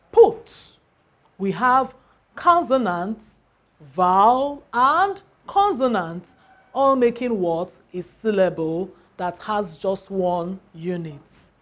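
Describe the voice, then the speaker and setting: Nigerian woman teacher, unhurried classroom delivery, mid-pitched voice, spells out and counts syllables emphatically. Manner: asks rhetorical questions and answers them. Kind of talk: classroom lesson.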